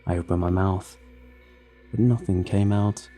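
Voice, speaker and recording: A man reading a horror story aloud in a measured, steady narration. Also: low voice, faint music behind.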